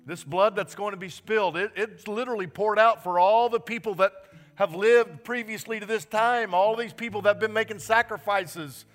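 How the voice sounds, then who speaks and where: A man preaching a fervent sermon in a fairly high voice, leaning hard on repeated words for emphasis. His voice rings out with a long reverb through a church sanctuary, while a guitar plays softly underneath. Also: moderate pace. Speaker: pastor. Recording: reverberant hall with soft guitar.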